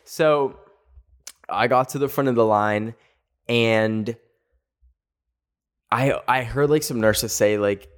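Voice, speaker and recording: Male podcast host, casual and sassy, animated storyteller. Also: medium pitch, slow pace, pauses often, clear, resonant tone. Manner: animated storytelling, sassy asides, acts out quotes. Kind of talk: casual chat.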